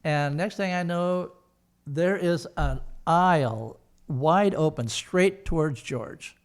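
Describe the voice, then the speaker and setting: A man's voice: on the high side, takes it slowly, smooth. An older man telling a long personal story in an interview, rambling with many fillers and restarts. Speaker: guest, son of the founders.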